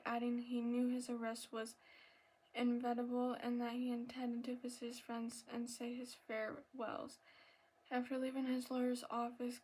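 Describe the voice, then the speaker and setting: A woman hosting an ASMR video, reading aloud softly, stumbling over words and apologizing, now and then dropping into a whisper and a little out of breath. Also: a little high, husky. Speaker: ASMR channel host.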